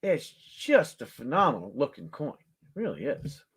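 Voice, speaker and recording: A man's voice: on the high side, husky. A man hosting a casual live coin auction, joking and laughing as he praises a coin and calls out bids. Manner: folksy, joking, laughs often; slow, drawn-out calls with animated countdowns.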